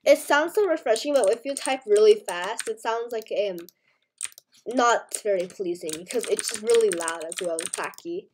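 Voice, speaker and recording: Young female gaming host, sick and scratchy-throated, slightly high voice, rambling and apologetic with lots of fillers. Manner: rambling and apologetic, full of ums and likes. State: hoarse from illness, coughing. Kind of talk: casual gameplay chat.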